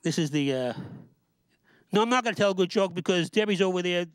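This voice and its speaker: A man hosting a show, telling comic stories and jokes in an animated, exasperated way. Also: high voice, fast talker, clear, resonant tone, no room sound. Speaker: host. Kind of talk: comic storytelling.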